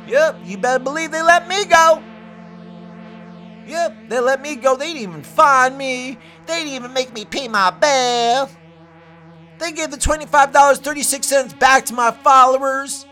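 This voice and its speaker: Brief: high-pitched man, rambling preachy comic monologue, boastful self-made prophet. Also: moderate pace, bright, forceful tone, soft background music.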